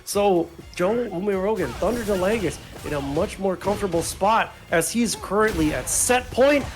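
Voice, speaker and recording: Male esports caster, high-pitched, playful and loose, over stream music. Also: expressive, normal speed. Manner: joking, switches between hype and low asides. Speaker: esports commentator. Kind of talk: casual play-by-play commentary. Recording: music playing underneath.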